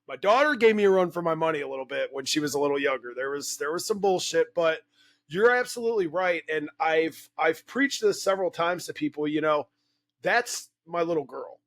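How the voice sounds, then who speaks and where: A man's voice: on the high side, animated, brisk. A man in his forties hosting a podcast, chatting in a blunt, conversational way with plenty of swearing. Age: 40s. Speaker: podcast host. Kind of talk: casual podcast interview.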